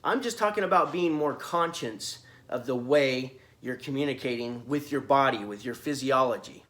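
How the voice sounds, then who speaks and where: A man's voice: mid-range voice, normal speed, fairly bright tone. A man giving earnest business advice in a casual video, asking the listener many questions and often restarting his words. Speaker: business coach.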